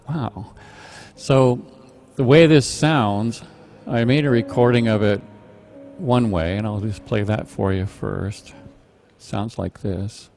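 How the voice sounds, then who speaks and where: A middle-aged man teaching a live online meditation class, calmly explaining a chant with patient, halting restarts. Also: on the low side, vocal fry. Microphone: video call microphone.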